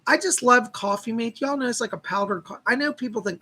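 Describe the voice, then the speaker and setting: Gravelly, strained-voiced man chatting live. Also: extremely high pitch, fairly quick, bright, forceful tone. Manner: chatty and folksy, greets viewers by name. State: strained, tired voice. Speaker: psychic reader hosting a live stream. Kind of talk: casual live-stream chat.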